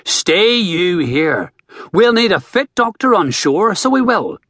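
A big, plain-spoken shipbuilder with a broad Northern Irish accent, played by a male narrator. The husky voice rises and falls in lively swings, in a dry, close audiobook recording. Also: high voice, slow, no room sound, exaggerated voice. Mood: determined. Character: big burly male shipbuilder, loyal and blunt.

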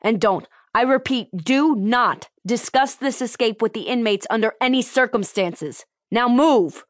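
A woman's voice: a little high, measured pace, no room sound, studio quality, pitched above the performer's own voice, lightly acted. A woman narrator voicing a stocky, sulky male prison lieutenant who barks orders in an audiobook. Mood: barking orders. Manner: barking orders.

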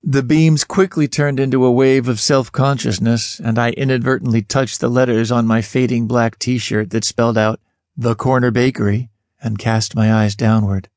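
Expressive male audiobook narrator, dry sound. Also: normal speed, no echo. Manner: expressive, lifts pitch sharply on questions. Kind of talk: scripted first-person narration.

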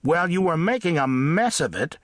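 A man voicing a blunt, no-nonsense male farm cat in an audiobook, speaking gruffly and matter-of-factly. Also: on the high side, animated, normal speed, dry recording, clean studio sound, voice pushed up, close to an everyday voice. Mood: annoyed. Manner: gruff, warning, matter-of-fact. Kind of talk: audiobook character voice.

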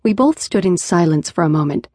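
A woman narrating a first-person audiobook in a measured, even storytelling manner. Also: on the low side, husky, no echo, studio quality. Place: studio booth. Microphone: close studio mic.

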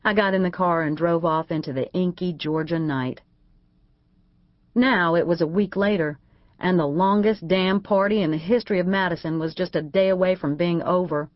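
A woman narrating a first-person audiobook in a lively, wry storytelling manner. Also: fairly low pitch, moderate pace, dry recording, muffled recording.

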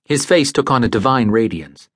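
A man narrating a classic novel as an audiobook, measured and expressive. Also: mid-range voice, husky, no echo, studio quality.

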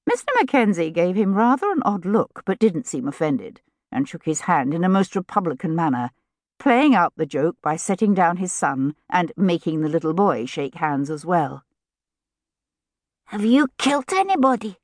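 A woman narrating a novel in a measured, lightly amused way. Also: lowish voice, very animated, dry recording, clean studio sound. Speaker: audiobook narrator. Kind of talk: scripted narration. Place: recording studio.

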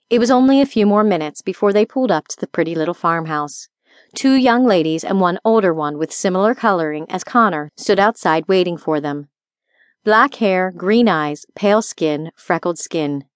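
A woman's voice: lowish voice, lively intonation, moderate pace, no echo, studio quality. Woman narrating a fantasy audiobook. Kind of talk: scripted narration.

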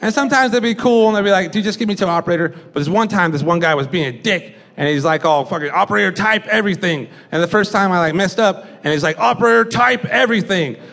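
A man's voice: high voice, fast talker, hardly any pauses, a bit bright. A young man doing a stand-up comedy set, rambling and profane, often laughing at his own jokes. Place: comedy club stage. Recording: live club recording with audience noise. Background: audience laughter and chatter.

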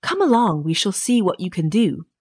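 A woman voicing a pair of scheming male thieves in an audiobook, in a gruff, plotting manner. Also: mid-range voice, big pitch swings, moderate pace. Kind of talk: audiobook character reading.

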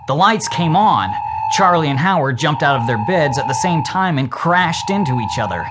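A man narrating a children's book as an audiobook in a slow, measured reading. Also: a little high. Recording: loud steady hiss.

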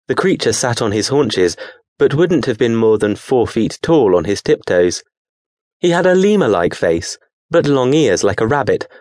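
A man narrating an audiobook in a measured, steady storytelling manner. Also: medium pitch, no echo, clean studio sound.

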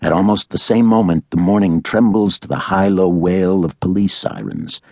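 A man narrating a thriller audiobook in a measured, dramatic way. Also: sits low, lively intonation, creaky, darkish tone, no echo, clean studio sound.

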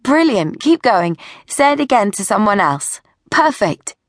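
A woman narrator voicing a cheerful young woman photographer who gives brisk, encouraging directions to a family. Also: on the high side, expressive, no echo, studio quality, voice pushed up. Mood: upbeat, coaxing.

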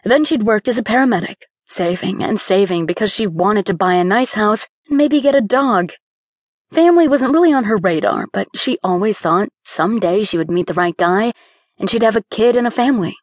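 Audiobook narrator: woman, mid pitch, steady storytelling, dry close studio sound. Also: brisk, no echo. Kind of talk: scripted narration.

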